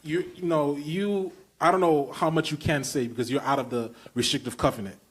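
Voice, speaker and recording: A man's voice: on the high side, brisk, husky. A man with a Brooklyn accent hosting a podcast, talking emphatically and stringing long questions together. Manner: emphatic, enthusiastic, piling up run-on questions. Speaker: podcast host. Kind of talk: casual podcast conversation.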